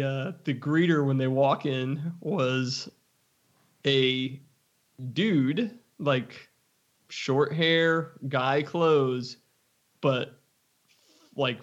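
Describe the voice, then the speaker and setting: A man's voice: medium pitch, fairly even intonation, drawn-out words. A man co-hosting a casual podcast chat, telling stories with a teasing, wry manner. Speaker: podcast co-host. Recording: dull lo-fi podcast audio.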